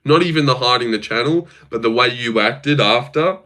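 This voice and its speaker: Bright-voiced young man chatting on a livestream. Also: mid-range voice, normal speed. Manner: crude, teasing banter with chat, frequent swearing. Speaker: livestream host. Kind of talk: casual livestream chat reacting to chat.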